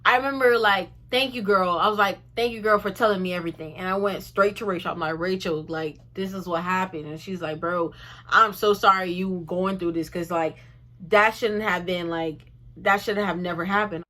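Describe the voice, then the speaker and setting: A young woman telling a storytime in a chatty, animated way, often addressing her viewers directly. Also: lowish voice, moderate pace. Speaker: vlogger. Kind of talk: casual storytime vlog.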